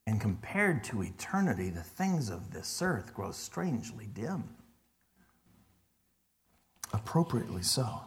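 Pastor, man, middle-aged, somewhat low voice; chatty sermon delivery with hushed emphasis. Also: very animated, measured pace, pauses often. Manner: conversational, drops to hushed tones for emphasis.

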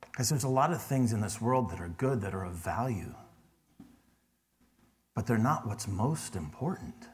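Conversational, lower-voiced male pastor preaching. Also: animated, moderate pace, long pauses. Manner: conversational, drops to hushed tones for emphasis. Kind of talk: sermon.

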